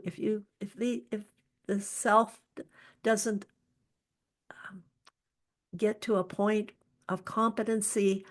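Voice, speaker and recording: A woman presenting an online workshop over a video call, speaking gently and soothingly, sometimes dropping to a soft whisper. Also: medium pitch.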